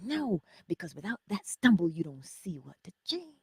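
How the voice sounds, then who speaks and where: Woman host, inspirational livestream teacher: husky, very animated pitch, whispered asides, dry close sound. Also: normal speed, no echo. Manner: animated, drops to whispered asides, chuckles often; speaks straight to the viewers, answers chat comments. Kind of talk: live-streamed inspirational teaching.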